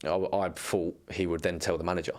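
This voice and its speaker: Fast-talking low-voiced young man. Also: little pitch movement, darkish tone. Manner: rambling anecdotes, swears freely. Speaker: former footballer guest. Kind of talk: casual storytelling chat.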